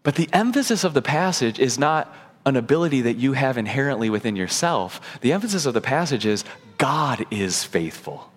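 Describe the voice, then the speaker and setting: A man preaching a sermon as pastor, earnest, moving between urgent emphasis and quiet, soft passages. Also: sing-song, moderate pace. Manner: earnest, swings between high urgent and low soft delivery. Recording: long hall reverb.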